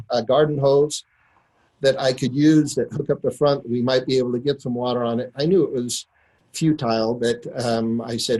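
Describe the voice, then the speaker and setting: A middle-aged man with a mid-range voice tells a personal story to a listener. He speaks in an earnest, unhurried way, pausing often and using fillers as he goes. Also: medium pitch, darkish tone, poor audio. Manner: unhurried, earnest retelling with many pauses. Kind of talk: personal anecdote told to a listener.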